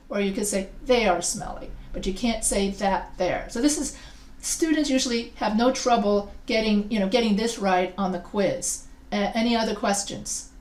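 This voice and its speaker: A woman's voice: a little high, a little mellow, reverberant. Playful woman teaching a grammar class. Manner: playful, chatty teacher asking the class questions. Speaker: writing instructor.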